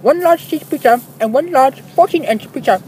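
A man's voice: very high-pitched, expressive, a little fast, a little mellow, voice pushed up. A man voicing a touchy, foul-mouthed young male customer on a prank phone call, insisting the odd voice is his real accent. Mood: polite. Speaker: prank caller. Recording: phone call with background noise.

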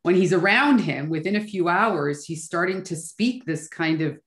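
Woman, low voice, podcast interviewer, casual questions, roomy echo. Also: animated, moderate pace.

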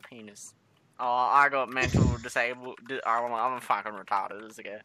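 Crude, bright-voiced young Australian man. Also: medium pitch, fairly even intonation, normal speed, no room sound. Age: young adult. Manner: crude, swearing, rambling and teasing. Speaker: gaming video host. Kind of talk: mock interview over game voice chat.

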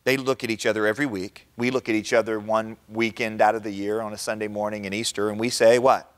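A man giving a lively Christian talk to an audience, often stopping to quiz them with questions. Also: lowish voice, fast talker. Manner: animated, quizzes the audience with rhetorical questions. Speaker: Christian speaker addressing an audience.

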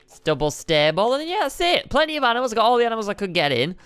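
Playful excitable man hosting a game video. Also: very high-pitched, racing, smooth, dry recording. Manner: playful, excitable, jokes about himself. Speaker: YouTube host. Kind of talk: casual let's-play chat.

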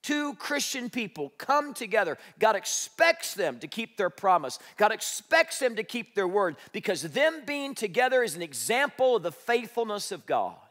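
A man preaching a sermon as pastor, asking the congregation rhetorical questions and swinging from loud declarations to hushed, slowed phrases for emphasis. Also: high-pitched, very animated. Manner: dramatic shifts from loud to hushed, slows for emphasis. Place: church stage.

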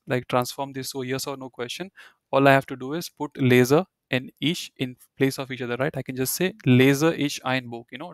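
A man's voice: medium pitch, no room sound. A man teaching a beginner German class online, explaining in a conversational way full of fillers and restarts.

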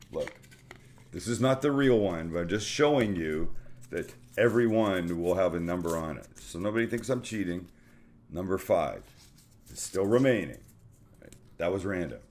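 A man's voice: low voice, expressive, normal speed, darkish tone. A middle-aged man hosting a cooking show in casual, enthusiastic chat, full of exclamations as he cooks.

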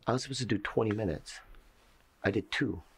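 A man comedian in a documentary interview, earnest and halting, repeating words as he searches for them. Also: lowish voice, slight background noise.

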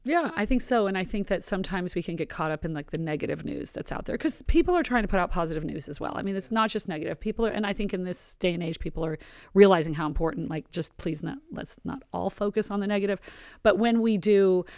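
A woman's voice: fairly low pitch, lively intonation, fast, darkish tone, dry recording, studio quality. A woman hosting a podcast, speaking earnestly and rambling a little as she sets up a question for her guest. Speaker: podcast host. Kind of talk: interviewing a guest.

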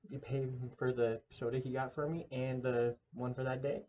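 A man's voice: mid-range voice, level tone, normal speed. Young man, casual rambling storyteller, slightly dull lo-fi recording, faint room hum. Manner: rambling, filler-heavy, mock-dramatic. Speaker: vlogger telling a story.

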